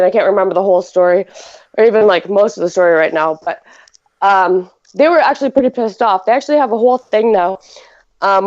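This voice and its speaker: A woman's voice: medium pitch, darkish tone. A woman hosting a podcast in casual chat, rambling with lots of fillers and giggles. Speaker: podcast host. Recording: slightly dull lo-fi audio.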